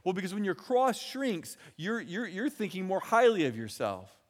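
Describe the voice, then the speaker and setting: A man's voice: sits high, big pitch swings, moderate pace. A man preaching a sermon in a chatty way, often repeating words and acting out the voices of people he quotes. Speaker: pastor. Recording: long hall reverb.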